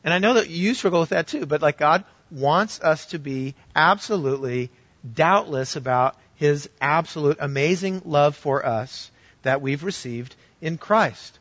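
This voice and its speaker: A man's voice: fairly high pitch, expressive, unhurried, no echo. Male pastor delivering an earnest sermon, storytelling in a dry, dull-sounding recording. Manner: earnest storytelling with shifts between loud and hushed.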